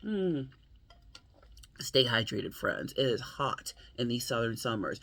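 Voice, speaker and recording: A woman's voice: extremely low pitch, sing-song, takes it slowly, a bit bright, no echo. An American woman hosting her book channel, chatting playfully and laughing often. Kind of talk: casual vlog chat.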